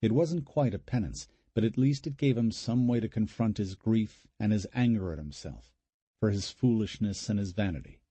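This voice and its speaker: A man narrating a horror audiobook in a measured, even storytelling manner. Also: fairly low pitch, breathy edge, no echo. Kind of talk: scripted narration.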